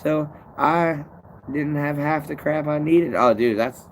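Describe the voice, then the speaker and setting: A tree climber streams to his viewers, chatting casually, rambling and swearing freely as he answers their comments and restarts his sentences. His voice is a little high and a little slow, with a faint hiss or hum behind it.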